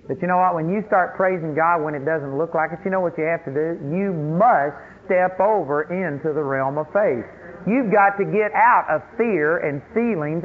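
A man preaching a sermon as pastor, emphatic and quick to act out the voices of complainers. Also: high voice. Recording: tinny phone-like radio broadcast, faint noise.

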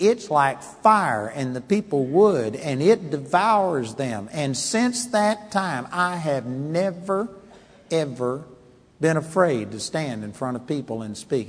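A man preaches to a congregation, telling a personal story with earnest feeling and swelling into emphatic scripture. His voice sits a little high. The sound carries a long reverb from a church hall. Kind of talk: sermon testimony.

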